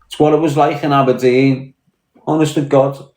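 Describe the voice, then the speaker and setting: A man with a Scouse accent from Liverpool, talking bluntly and full of swearing in a casual live-stream rant. His voice sits at a middle pitch. It rings in an echoey room. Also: flat delivery, moderate pace, a little mellow. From Liverpool, England. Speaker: podcast host.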